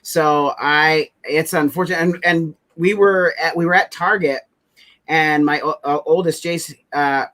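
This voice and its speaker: A man from Pennsylvania co-hosting a parenting podcast, telling a story haltingly with dry jokes. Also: on the high side, fairly even intonation, bright, forceful tone. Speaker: podcast co-host. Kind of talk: casual chat.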